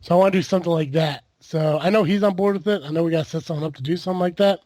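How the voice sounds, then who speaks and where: Rambling, slightly high-voiced podcast host. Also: male voice, very fast, a little mellow, dry recording. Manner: rambling, lots of fillers and profanity. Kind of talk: casual chat.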